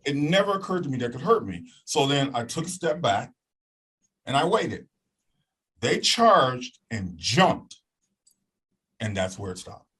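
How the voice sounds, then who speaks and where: Lively husky man telling a story. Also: mid-range voice, measured pace, long pauses, low-quality recording. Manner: lively, acts out voices and sounds, checks in with "okay?". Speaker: guest telling a personal testimony. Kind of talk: animated storytelling.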